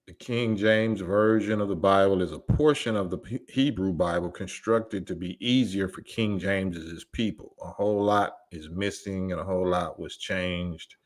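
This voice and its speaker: Male host with AAVE, low-pitched, animated and combative on a casual livestream. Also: normal speed, few pauses. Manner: animated, argumentative, laughs often, rhetorical questions.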